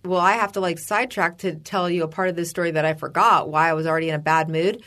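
A woman's voice: fairly low pitch, fairly even intonation, quick pace, fairly bright tone. A middle-aged woman co-hosting a casual chat show, telling a story animatedly, acting out quotes and swearing freely. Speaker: podcast co-host.

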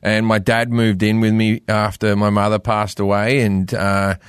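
A man's voice: fairly low pitch, level tone, clear, resonant tone, no echo, clean studio sound. A middle-aged Australian man, a comedian, chatting casually on a podcast, rambling with lots of restarts and casual swearing. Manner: rambling, swears freely, stumbles and restarts, does quick accent impressions. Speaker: comedian guest.

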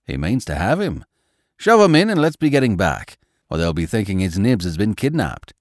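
A man voicing a rough-spoken, grinning chauffeur in a lower voice. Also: big pitch swings, normal speed, no room sound, studio quality. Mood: gruff. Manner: low, rough working-class speech.

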